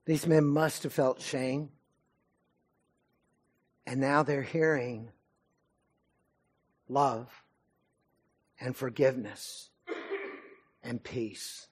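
A man preaching a sermon, his delivery swelling to loud passages and sinking to quiet ones. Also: medium pitch, steady tone, extremely slow, pauses often, slightly rough. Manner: preaching with rising and falling intensity. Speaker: pastor.

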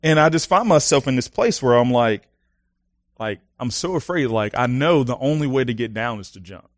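A young man preaching a sermon, casual and animated, telling personal stories with lots of fillers and laughs. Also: medium pitch, moderate pace, no echo, studio quality.

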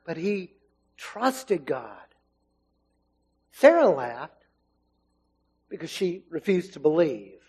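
A man preaching a sermon in a church. He talks in an animated way, swinging between loud and hushed, and acts out the voices of the people in the story. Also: sits high, low-quality recording.

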